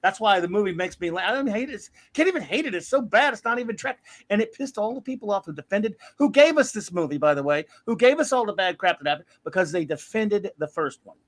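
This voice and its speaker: A man's voice: high voice, lively intonation, quick pace, few pauses. A man hosting a casual pop-culture chat, ranting animatedly and mocking other people's voices. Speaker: podcast host.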